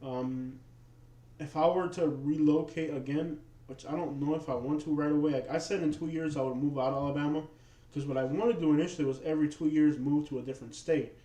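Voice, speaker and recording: Man, New York-tinged accent, livestream host, rambling casual chat, fairly high voice, echoey room. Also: fairly quick. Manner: rambling, relaxed, many fillers and restarts, talks to viewers. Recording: roomy echo.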